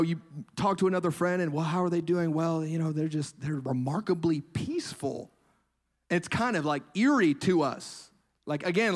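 A man preaching a sermon in an earnest voice, building emphasis through repeated phrases. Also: high voice.

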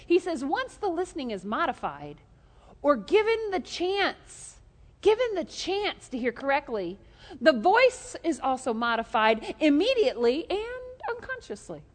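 A woman's voice: very high voice, sing-song, moderate pace, in a large hall. A woman pastor preaching a sermon, telling jokes and stories and leading the congregation in call-and-response.

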